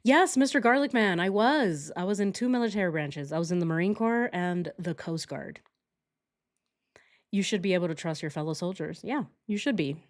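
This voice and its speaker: A young adult woman streamer telling a personal story in casual chat, candid and animated, acting out shouted quotes. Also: lowish voice, normal speed.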